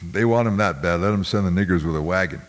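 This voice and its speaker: A sullen, wiry overseer with a drawl spits his words out fast and raised, as a deep-voiced male reader puts him on. He sounds coarse and contemptuous, a hard small man in an audiobook scene. The voice sits above the reader's very low natural pitch. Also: close to an everyday voice. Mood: sneering. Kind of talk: audiobook character voice.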